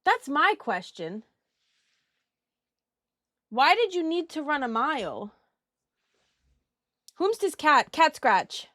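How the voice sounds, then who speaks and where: A young woman chatting loosely on a live stream, giggly and quick to swear. Her voice sits high and swoops up and down a lot. She talks at an unhurried pace, close to a dry microphone. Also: sing-song, a bit bright, no echo. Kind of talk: casual live-stream chat while coloring.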